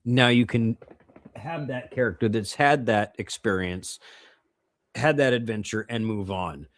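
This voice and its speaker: A tired man co-hosts a podcast in a casual chat, reflecting on things and stumbling over his words. His voice sits in the mid range, and he speaks at a measured pace.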